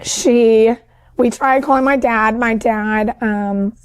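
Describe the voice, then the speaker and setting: A woman's voice: a little high, steady tone, slow pace, clear, resonant tone. A woman guest telling a personal story in a chatty way, full of fillers, who calls herself an overachiever and people pleaser. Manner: talkative, with many fillers like "like" and "um". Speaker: podcast guest sharing her story.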